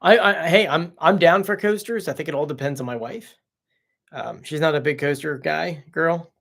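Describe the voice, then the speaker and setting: A man's voice: on the high side, normal speed, vocal fry, fairly bright tone. A man hosting a casual live stream, chatting off the cuff as he reads out viewer comments and answers them.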